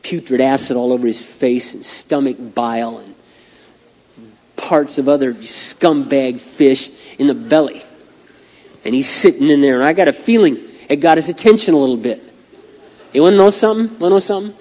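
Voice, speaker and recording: Middle-aged pastor, folksy, in a reverberant hall. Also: male voice, mid-range voice, normal speed, muffled recording. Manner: animated storytelling, folksy. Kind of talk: sermon.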